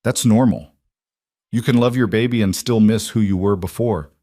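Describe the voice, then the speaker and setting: A man voicing a gentle, thoughtful counselor. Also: fairly low pitch, normal speed, lightly acted.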